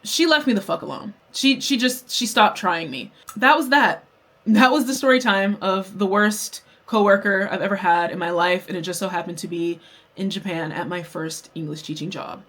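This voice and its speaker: A young woman vlogs a storytime while she does her makeup, candid and quick to swear. She tells the story in an animated way. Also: medium pitch. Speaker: vlogger.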